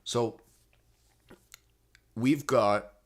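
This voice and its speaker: A man giving casual, rambling commentary on crypto charts as a trading educator, excitable and prone to repeating himself. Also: mid-range voice, drawn-out words.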